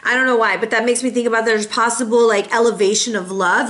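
Woman tarot reader, casual and sassy, fairly high voice, chatty home reading. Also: fairly even intonation, fast talker, a bit bright, slight background noise. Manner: chatty, sassy, addresses viewers as boo and y'all.

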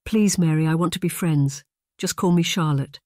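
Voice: medium pitch, fairly quick, no room sound, clean studio sound, close to an everyday voice. An audiobook narrator voicing an eager, dreamy young English lady who gushes with wonder. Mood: excited. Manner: gushing, wide-eyed.

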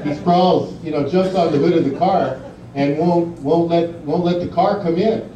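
At an induction ceremony held in a large banquet hall, a middle-aged guest speaker gives a rambling, anecdote-heavy speech with many fillers, laughing at his own stories. His voice is fairly high and dark, at a moderate pace. The hall recording is distant, muffled and echoey, carrying a little hiss or hum.

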